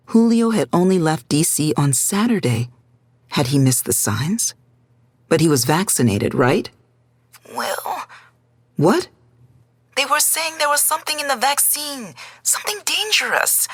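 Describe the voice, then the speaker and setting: A woman narrates a drama in a low, slightly husky voice. Her storytelling is steady and measured. The sound is close and dry. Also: no echo. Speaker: audiobook narrator.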